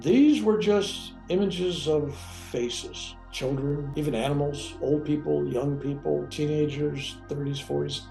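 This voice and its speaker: A man's voice: a little high, unhurried, vocal fry, hardly any pauses. A man, the guest of an interview, telling a personal story in a casual, rambling way and acting out the dialogue. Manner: animated, rambling, acts out quoted dialogue. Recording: roomy sound with faint music.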